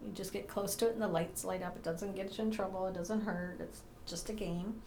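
A woman doing a paranormal investigation in a room of her own house, gently and patiently coaxing unseen presences to speak, with frequent ums. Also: mid-range voice, steady tone, fairly quick, roomy sound, a little hiss or hum.

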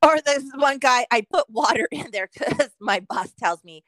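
A woman's voice: high-pitched, lively intonation, moderate pace, a bit bright, dry recording. A woman co-hosting a podcast in casual chat, venting grumpily about work with frequent swearing and laughter. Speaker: podcast co-host.

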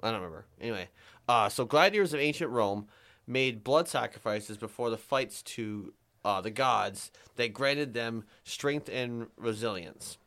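Man in his own voice, mid pitch, hosting a casual podcast; reads facts, stumbles on fillers, jokes crudely. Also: measured pace, fairly bright tone. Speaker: podcast host. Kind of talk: casual chat.

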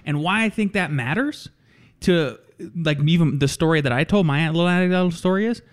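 A man co-hosting a casual podcast, his voice sitting a little high. He rambles and restarts, with animated asides. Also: brisk. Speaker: podcast co-host. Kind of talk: casual chat.

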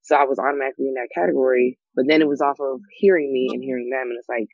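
A young man from the United States in a casual group chat, animated and acting out the voices of people he quotes. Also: medium pitch, racing, no room sound. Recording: slightly dull lo-fi sound.

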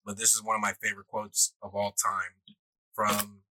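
A man co-hosting a podcast, chiming in with quick banter and wrapping up the show. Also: lowish voice, completely flat delivery, sharp tone, rough recording. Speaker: podcast co-host. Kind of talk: casual chat.

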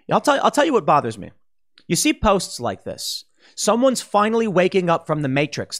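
A man hosts a political commentary monologue, his fairly high voice swinging widely in pitch. He makes emphatic, sweeping declarations and often restarts sentences or slips into quoted asides. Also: fairly bright tone.

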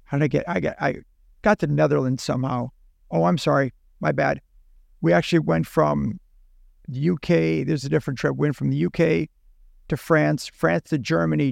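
A man's voice: on the high side, vocal fry, no room sound, clean studio sound. A man, a podcast guest, telling a long anecdote in casual chat and acting out both sides of the dialogue. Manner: animated, acts out dialogue in his own voice. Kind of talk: casual storytelling.

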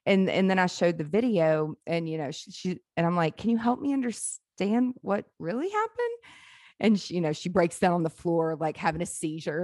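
Frank fortyish woman, lowish pitch, dry close sound, chatty anecdotes. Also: lively intonation, moderate pace, darkish tone, no room sound. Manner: candid storytelling, laughing, swears casually. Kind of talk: casual chat.

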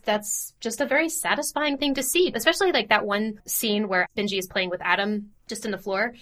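A woman co-hosting a podcast, giving a lively, self-deprecating plot summary in casual chat. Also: mid-range voice, brisk. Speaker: podcast co-host.

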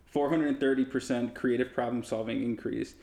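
A man co-hosting a podcast, chatting casually and explaining things in a relaxed way. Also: medium pitch, moderate pace, vocal fry. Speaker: podcast co-host. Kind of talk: casual chat.

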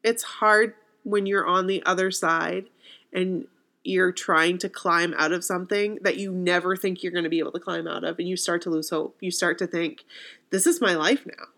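A woman's voice: on the low side, steady tone, moderate pace, sharp tone. A woman co-hosting a casual talk show, emotional and sniffling as she reads listener stories aloud. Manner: emotional, sniffling, laughing through tears. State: teary and sniffling. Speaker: podcast co-host reading listener stories. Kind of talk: casual chat and reading aloud.

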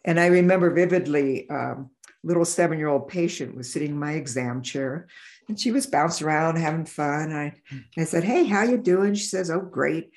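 A vision therapist telling a patient story in an interview, animated and acting out the dialogue. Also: mid-range voice, moderate pace. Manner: animated, acts out quoted dialogue.

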